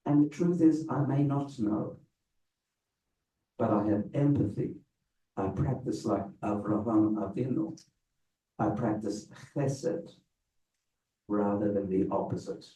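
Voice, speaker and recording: A man, a rabbi, giving a public lecture with slow, deliberate, emphatic phrasing. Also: lowish voice, warm tone, far from the mic. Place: event hall with a live audience. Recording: roomy, slightly muffled hall sound.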